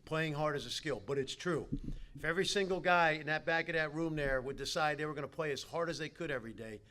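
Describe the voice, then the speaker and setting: A man's voice: fairly high pitch, quick pace. A man giving a motivational keynote at a team dinner, telling stories and talking straight to the players. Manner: animated storyteller, talks straight to the players. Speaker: keynote speaker. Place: banquet hall.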